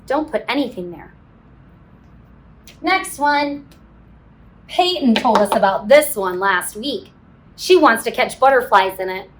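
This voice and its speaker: A woman teaching a phonics lesson to kindergarten children, slow and sing-song, encouraging, with playful sound effects. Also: a little high. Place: classroom.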